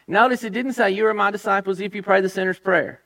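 Gravelly high-voiced man preaching. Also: steady tone, fast talker, fairly bright tone. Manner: emphatic preacher, rising and dropping for stress; reads scripture aloud. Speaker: pastor. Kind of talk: sermon.

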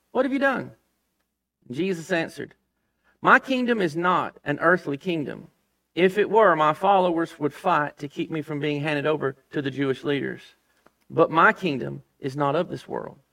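A man's voice: on the high side, vocal fry, bright, forceful tone. A man preaching a sermon as pastor, emphatic, reading scripture aloud and dropping his voice for stress.

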